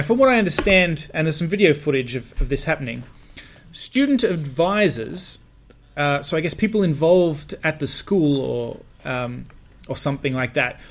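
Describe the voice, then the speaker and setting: A man co-hosting a comedy podcast in loose, casual chat. His voice sits a little high for a man, and he rambles through fillers and restarts and often breaks into laughter. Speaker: podcast co-host.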